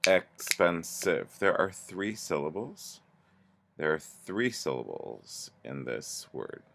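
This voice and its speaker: A man with a very low, gravelly voice walks through a grammar lesson. He talks slowly and patiently, pausing often and restarting his sentences as he explains each example. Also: very animated, a bit bright. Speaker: teacher.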